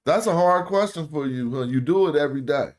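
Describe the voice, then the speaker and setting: Dude breaking down grammar, slangy, keeps restarting and throwing questions at you. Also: male voice, on the high side, lively intonation, fairly quick. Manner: slangy, repeats and restarts, asks the listener questions. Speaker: teacher of ancient Egyptian. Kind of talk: casual live lesson.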